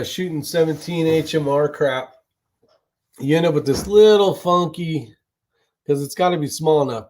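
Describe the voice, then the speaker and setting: A man's voice: a little high, a little mellow, a little hiss or hum. A man hosting a casual live stream, chatting loosely, greeting viewers and answering their questions. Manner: chatty, rambling, swears casually. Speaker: livestream host. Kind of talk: casual live chat reading viewer comments.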